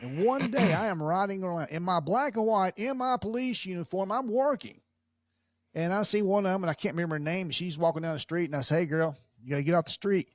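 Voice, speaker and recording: A man's voice: high voice, quick pace, dry recording, studio quality. A man, a podcast co-host and former police officer, telling stories in casual chat and laughing often. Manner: animated storyteller, laughs often.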